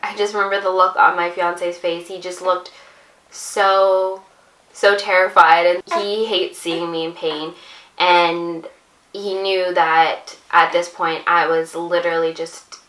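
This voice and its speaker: A woman's voice: lowish voice, little pitch movement, takes it slowly, a bit bright. A woman vlogger earnestly recounting a personal story to her viewers, confiding and direct. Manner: earnest, confiding, addresses viewers as ladies and mamas. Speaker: vlogger and new mother. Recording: roomy echo, distant mic, faint music.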